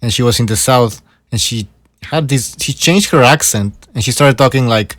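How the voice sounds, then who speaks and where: A man on a boxing podcast, mid-pitched, wry and exasperated as he swears through his points. The recording is dry, with the mic close. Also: normal speed, no room sound. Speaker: podcast co-host. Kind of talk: casual boxing podcast chat.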